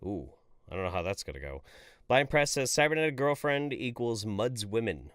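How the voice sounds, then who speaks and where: A man's voice: medium pitch, very animated, moderate pace, fairly bright tone, no room sound, clean studio sound. A man hosting a live stream, reading chat messages aloud in a jokey, casual way and swearing freely.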